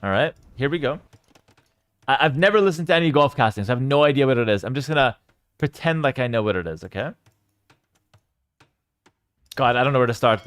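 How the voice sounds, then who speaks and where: A man streaming live esports commentary on a strategy match, reading out chat and swinging between loud hype and low, calm play calls. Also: fairly quick, pauses often, clear, resonant tone, no echo.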